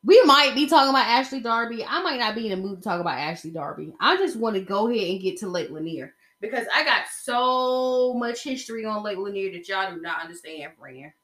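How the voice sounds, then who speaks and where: A young woman hosting her own podcast, chatting casually and animatedly, getting excited as she tells stories. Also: mid-range voice, brisk, few pauses. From Atlanta area. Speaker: podcast host. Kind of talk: casual solo podcast chat.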